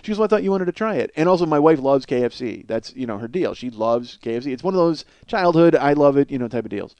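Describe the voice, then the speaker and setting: A man's voice: mid-range voice, lively intonation, fast, darkish tone, clean tone, no room sound. A man hosting a comedy podcast, telling a rambling, profane, self-mocking story and laughing at his own jokes. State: cold sore on face. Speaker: podcast host. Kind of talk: comic storytelling monologue.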